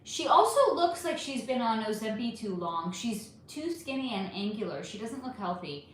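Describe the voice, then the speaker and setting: Woman hosting a live stream, kinda high voice, chatty, going through comments, echoey room sound. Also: moderate pace, slight background noise. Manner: chatty, animated, answers viewer comments one by one. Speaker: livestream host reading chat. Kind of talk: casual livestream chat.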